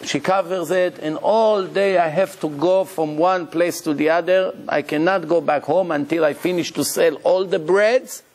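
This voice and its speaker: A man giving a religious lecture as a rabbi, emphatic and animated, repeating key phrases as he tells stories. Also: on the high side, normal speed, hardly any pauses, slight background noise.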